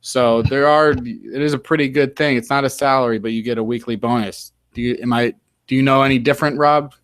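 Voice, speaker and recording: A man's voice: medium pitch, steady tone, brisk, a bit bright, no echo. An American man hosting a casual sports podcast, rambling and full of fillers. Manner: rambling, filler-heavy, fond of mock British slang. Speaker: podcast host.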